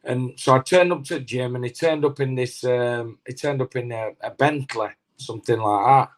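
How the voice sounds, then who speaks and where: A middle-aged man tells an anecdote in a casual interview, halting often with restarts and fillers. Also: mid-range voice. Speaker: former boxer, interview guest.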